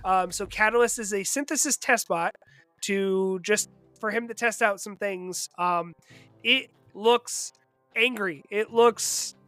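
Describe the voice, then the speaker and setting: A woman host talks loosely, circling back and restarting her thoughts. Her pitch sits in the middle range, and faint music runs behind her. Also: slow, a bit bright, no echo. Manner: rambling, many fillers and restarts. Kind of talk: casual chat.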